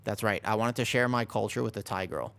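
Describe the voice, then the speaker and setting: A man casually chatting with his viewers while streaming a game, excitable and talkative. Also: fairly low pitch, a little fast, vocal fry. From United States. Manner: excitable, chatty, reacts to chat.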